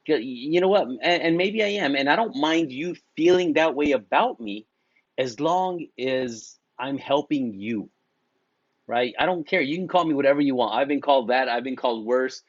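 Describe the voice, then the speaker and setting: A man's voice: medium pitch, animated, moderate pace, husky, no room sound. Swearing slangy guy pep-talking estheticians, dry close sound, kinda dull audio. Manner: profane, blunt, laughs at own jokes; repetitive restarts, slangy. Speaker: beauty business coach. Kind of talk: casual motivational talk to camera.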